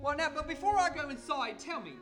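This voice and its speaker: Actor as a broke Cockney music-hall comic with lively, thick-accented banter over music. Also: high-pitched, fast talker. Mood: chirpy. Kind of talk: radio play acting on stage.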